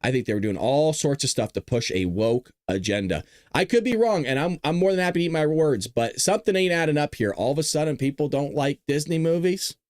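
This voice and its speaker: A man's voice: on the high side, expressive, brisk, hardly any pauses, a little mellow, no echo. A middle-aged man hosting a political talk show, talking casually with sarcastic, jokey asides.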